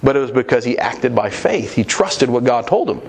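A man's voice: medium pitch, very animated, normal speed, darkish tone. A man preaching a sermon to fathers, earnest and plain-spoken, acting out quoted prayers as he teaches.

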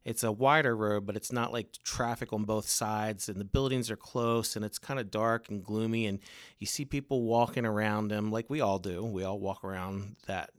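A man with a fairly low voice tells a personal story as a podcast guest. He is earnest and halting, restarting his sentences and letting his line endings fade. The sound is close and dry. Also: no room sound. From Baltimore area. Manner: earnest, many restarts and fillers, drops to soft trailing ends. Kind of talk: casual storytelling in a podcast interview.

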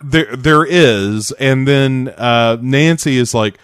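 A man's voice: medium pitch, slow, a bit bright, smooth, no room sound, studio quality. A man casually retelling a TV episode on a podcast, acting out the characters' lines and swearing freely. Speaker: podcast co-host recapping a TV episode. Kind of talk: casual chat.

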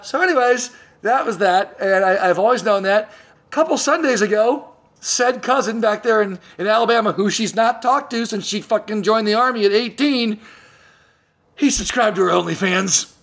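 A man's voice: high voice, moderate pace, a bit bright. A man hosting a casual comedy podcast, telling stories in a rambling way and laughing often. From California. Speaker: podcast host.

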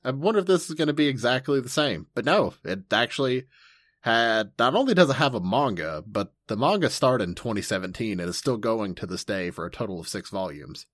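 A man's voice: mid-range voice, lively intonation, fairly quick, fairly bright tone, no room sound, clean studio sound. An enthusiastic man co-hosting a casual anime podcast, playful and laughing often. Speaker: podcast co-host.

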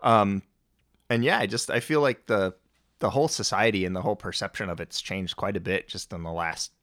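A man's voice: fairly low pitch, fairly quick, fairly bright tone, no room sound, studio quality. A man co-hosting a podcast, talking reflectively and thoughtfully in casual chat. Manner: reflective, thoughtful, with frequent fillers. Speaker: podcast co-host.

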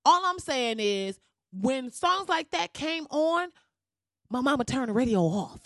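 A woman ranting in a blunt, profane and sassy way as she comments on someone else's video, with sudden jumps in pitch. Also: big pitch swings, a little slow, no room sound, clean studio sound. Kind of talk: casual reaction rant.

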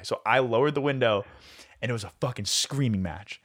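A young man hosting a podcast, telling a story in a profane, animated way. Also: medium pitch, moderate pace. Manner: profane, animated storyteller who swears often. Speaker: podcast host. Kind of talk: casual storytelling chat.

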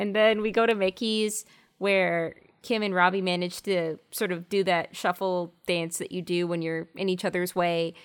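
A woman co-hosting a podcast, recapping an episode casually and voicing characters' lines in a higher pitch. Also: normal speed, smooth. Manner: lively, jumps high when quoting. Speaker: podcast co-host.

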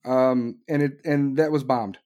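A man delivering a heated, sarcastic political rant, swearing and bursting out loudly. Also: medium pitch, steady tone, a little slow. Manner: heated, sarcastic, swearing, with sudden loud outbursts.

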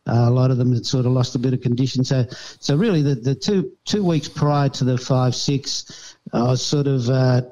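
A man's voice: mid-range voice, normal speed, warm tone, muffled recording. A man, chatting casually about his pigeon racing in a rambling, hesitant way with many fillers. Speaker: pigeon racer. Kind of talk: casual chat.

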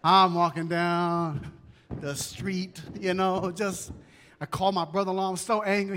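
A man's voice: sits high, steady tone, a little slow, a bit bright, long reverb tail, a little hiss or hum. A man pastor preaching a sermon in a church sanctuary, talking conversationally and repeating key phrases.

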